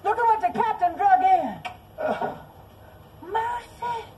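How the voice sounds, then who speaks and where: Bossy churchgoing farm woman, very high lively voice, film hiss. brief: folksy and scolding. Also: takes it slowly, muffled recording, full character voice. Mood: coaxing. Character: pious rural Southern woman tending a stranger.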